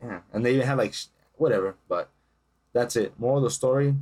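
Young man, podcast co-host, fast, animated, swears freely while he acts out the people in his story. Casual chat voice. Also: medium pitch. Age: young adult. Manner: profane, animated storytelling with acted-out quotes.

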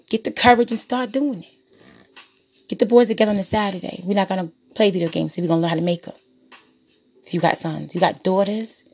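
A woman's voice: fairly low pitch, a little mellow, breathy edge. Blunt, preachy woman ranting over music. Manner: preachy, blunt and profane, repeats phrases for emphasis. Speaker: podcast host. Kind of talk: impassioned monologue.

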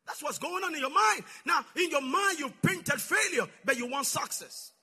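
A male preacher delivering a sermon, calling out to the congregation and swinging from shouting to soft, low asides. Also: animated, moderate pace. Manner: call-and-response, swings from shouting to near-whisper.

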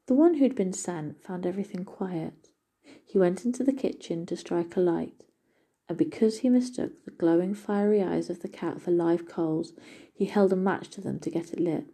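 A woman reads a fairy tale aloud in a steady, gentle manner. Her voice is low and husky. Its tone is deeply dark and mellow. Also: normal speed. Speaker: storyteller. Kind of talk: storybook narration.

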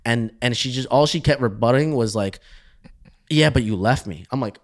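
Male podcast co-host, mid-pitch, loose rambling storyteller voice, restarts and soft trailing endings. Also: normal speed. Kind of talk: casual storytelling chat.

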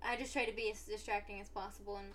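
A woman's voice: medium pitch, level tone, very fast, a bit bright, slight background noise. A woman co-hosting a casual podcast chat, goofy and teasing. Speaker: podcast co-host.

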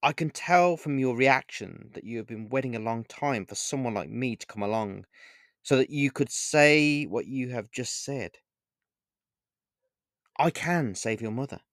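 Man reading as a mysterious man in black, calm, sincere, assured, gently insistent, dry close sound. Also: medium pitch, a little slow, dry recording. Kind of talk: read-aloud short story.

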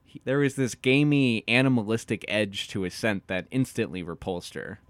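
A man's voice: on the low side, normal speed, dry recording. A man co-hosting a podcast, reading a book summary aloud and cracking sarcastic jokes. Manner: joking, animated, sarcastic asides. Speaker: podcast co-host. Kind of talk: casual chat and summary reading.

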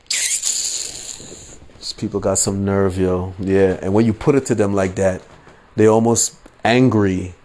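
Here a male podcast host speaks in a low, steady, slightly mellow voice, going slowly with long pauses. It's a casual political rant packed with curse words and "you know what I'm saying," as he mocks those he quotes and chuckles at his own arguments.

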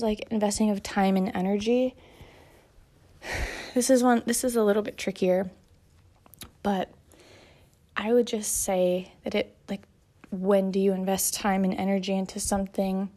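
A woman's voice: mid-range voice, mellow. A young woman and mother talking casually and encouragingly, a little out of breath as she folds laundry. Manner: chatty, encouraging, lots of fillers. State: slightly out of breath while folding laundry. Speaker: mother sharing self-care advice. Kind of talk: casual monologue.

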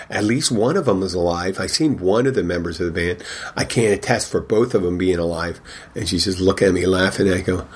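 A man's voice: deep voice, slightly rough. A man who works as a bartender, telling a rambling story about customers, with many restarts and quoted exchanges. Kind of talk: casual storytelling.

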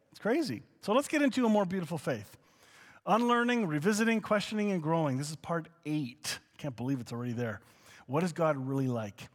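Animated male preacher, hall reverb. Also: fairly high pitch. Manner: animated, conversational, swings between soft asides and excited exclamations. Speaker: pastor. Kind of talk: teaching sermon.

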